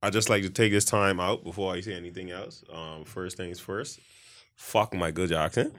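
A man, a podcast guest, provocative and argumentative in a deadpan way. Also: sits low, normal speed. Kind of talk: casual podcast banter.

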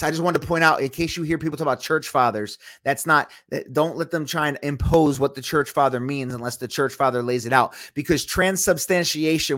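A man's voice: mid-range voice, fairly bright tone, no echo, studio quality. A man hosting a podcast at home, teaching a casual Bible study in an emphatic, argumentative way.

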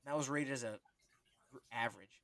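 A man co-hosting a sports podcast in casual chat, rambling and animated, reading stats aloud. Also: mid-range voice, fairly quick, no room sound. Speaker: podcast co-host.

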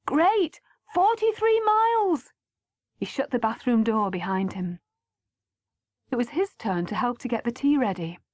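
A woman reading a first-person story aloud as an audiobook, measured and at times hushed. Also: mid-range voice, dry recording. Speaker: audiobook narrator.

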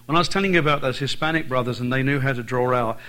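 A man's voice: medium pitch, very fast, bright, forceful tone, low-quality recording. A man with an Irish accent preaching a sermon as a visiting preacher, driving points home by repeating phrases. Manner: emphatic, repeats phrases for stress.

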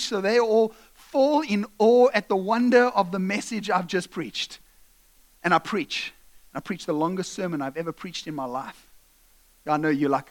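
Animated high-voiced male preacher. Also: moderate pace. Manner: animated storytelling, acting out voices. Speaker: pastor. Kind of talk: sermon.

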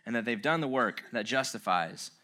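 A man's voice: medium pitch, animated, normal speed, bright, forceful tone. A man giving an informal talk on relationships, earnest and conversational, with self-mocking asides. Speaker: speaker on relationships.

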